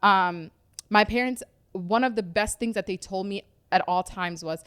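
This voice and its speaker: A woman's voice: medium pitch, normal speed, fairly bright tone, clear, resonant tone, no echo. A woman, a podcast guest, telling her personal story in a reflective, conversational way with frequent fillers.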